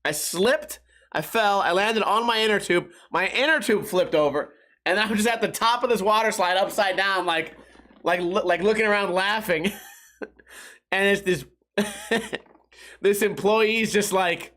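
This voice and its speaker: A young podcast host with a voice that sits high and a sharp tone keeps a measured pace. He delivers a casual storytelling monologue, swearing plenty and laughing at his own jokes.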